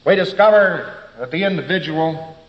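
A man's voice: a little high, moderate pace. Emphatic male lecturer in an echoey hall. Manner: emphatic, storytelling with put-on voices. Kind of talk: philosophical lecture. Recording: echoey hall, dull lo-fi archive.

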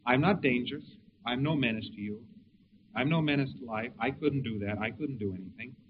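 A man acting a quiet, hopeless man who mumbles and trails off, on a lo-fi tape with faint hiss. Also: medium pitch, brisk, lightly acted. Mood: listless.

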